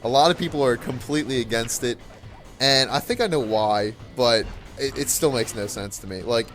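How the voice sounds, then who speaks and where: A man's voice: medium pitch, a bit bright. A teenage boy ranting casually over gameplay, rambling with lots of fillers and restarts in a puzzled tone. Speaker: gaming channel host.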